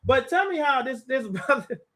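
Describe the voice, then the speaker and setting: A man telling a story in casual chat, animated and laughing often, acting out what others said. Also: very high-pitched, moderate pace. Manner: animated, laughing, acts out quotes. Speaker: group teacher.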